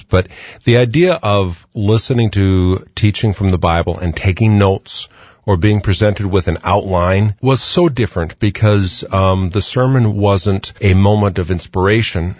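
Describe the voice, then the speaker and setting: A man asks measured, thoughtful questions as an interviewer. His voice sits low. The sound is dry and slightly muffled. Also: a little mellow, no room sound.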